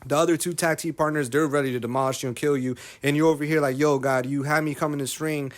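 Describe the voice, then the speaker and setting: A rapper and content creator in his thirties talks candidly as a podcast guest, emotional and preachy, often repeating phrases. His voice is a little high and steady in tone, and he talks fast.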